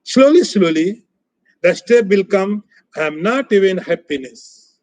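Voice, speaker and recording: A spiritual teacher gives a scripture lecture in a high-pitched, lively voice, speaking a little slowly on a low-quality recording. His phrases are short, emphatic, and repeated, often trailing off more softly.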